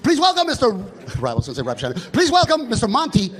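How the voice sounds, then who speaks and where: Male comedy emcee, very high lively voice, loud and hyped, big live crowd. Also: fast, very noisy. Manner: loud, hyped, stumbling over names. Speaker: club emcee. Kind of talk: live stage introduction. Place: comedy club stage.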